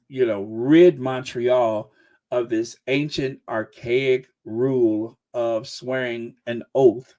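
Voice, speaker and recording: A man's voice: medium pitch, dark tone. A man in his sixties, hosting a livestream with casual, joking commentary. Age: 60s. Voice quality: chatty, joking, frequent laughs. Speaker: channel host.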